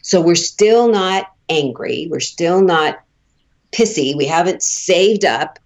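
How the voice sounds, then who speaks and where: Animated woman coach telling stories. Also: lowish voice, slow. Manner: animated storyteller, acts out dialogue, laughs often; candid, folksy, uses casual swearing. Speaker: dating and relationship coach, guest. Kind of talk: conversational podcast interview.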